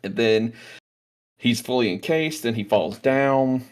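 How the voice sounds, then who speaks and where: A man hosting a casual movie review chat, excitedly retelling scenes with lots of fillers and acted-out quotes. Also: mid-range voice, takes it slowly, smooth. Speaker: podcast host.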